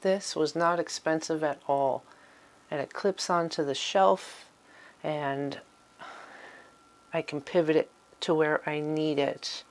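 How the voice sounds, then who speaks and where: A middle-aged woman giving a relaxed, chatty tour of her small home craft room. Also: sits low, slow pace, pauses often. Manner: chatty, with fillers and little laughs. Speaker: vlogger giving a studio tour. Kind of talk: casual tour talk.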